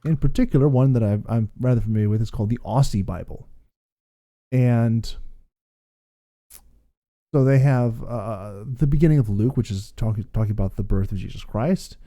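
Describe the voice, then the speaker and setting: A man's voice: medium pitch, normal speed, pauses often, warm tone. A man hosting a casual podcast, rambling and amused as he talks. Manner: rambling, amused, reads excerpts aloud. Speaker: podcast host.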